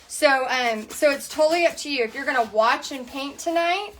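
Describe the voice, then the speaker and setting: Bubbly high-voiced woman teaching painting. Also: moderate pace, fairly bright tone, a little hiss or hum. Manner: bubbly, reads viewer comments aloud. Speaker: painting instructor and live-stream host. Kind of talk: chatty live-streamed painting lesson. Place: small home art space.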